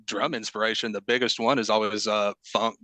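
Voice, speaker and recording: A man's voice: fairly low pitch, flat delivery, fairly quick, sharp tone, no room sound. A man with a Southern Alabama accent, a band drummer chatting in a laid-back, easy way as a podcast guest. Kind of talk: casual podcast interview.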